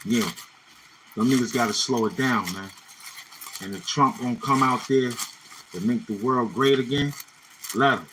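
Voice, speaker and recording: A laid-back man hosts a casual livestream, riffing loosely and dropping quick rhymes between asides. His voice is bright and forceful at a middle pitch, with a faint hiss of noise behind it. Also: poor audio. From Brooklyn, New York City. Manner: laid-back, keeps tagging lines with "you know what I'm saying". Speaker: livestream host.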